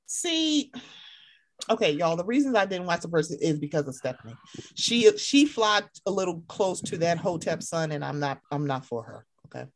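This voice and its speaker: A woman co-hosting a casual chat, animated and swearing freely as she acts out her own reactions. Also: lowish voice, normal speed, slight background noise. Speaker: podcast co-host.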